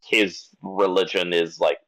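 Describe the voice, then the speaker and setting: A man's voice: low voice, measured pace, low-quality recording. A man on a podcast giving an exasperated critique of a film, talking with lots of restarts and stumbles. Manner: animated, exasperated rant with many restarts. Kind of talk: casual podcast discussion.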